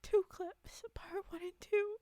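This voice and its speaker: A very high-voiced woman chats on her live stream, caught in a giggling fit that leaves her in tears. She talks slowly, her words dropping into breathless whispers between bursts of laughter, and the sound is close and dry. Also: fairly even intonation, dark tone, dry recording. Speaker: streamer reading stories. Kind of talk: casual live-stream chat.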